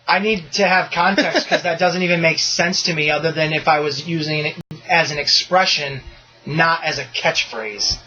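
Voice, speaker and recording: Bright-voiced man, loose podcast host. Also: a little high, moderate pace, husky, dull audio. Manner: loose, profane, animated rants. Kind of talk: casual podcast chat.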